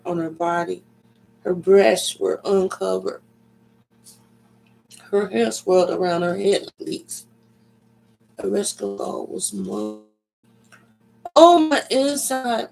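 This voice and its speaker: A man giving a slow, dramatic reading of an ancient myth, with deliberate pacing and sudden loud cries. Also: sits high, vocal fry, slight background noise, low-quality recording.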